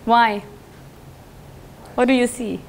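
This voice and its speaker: High-voiced woman giving a lively talk. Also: slow, a little hiss or hum. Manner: laughs often while telling stories; lively, with frequent restarts and fillers. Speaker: conference speaker. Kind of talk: live talk with audience questions.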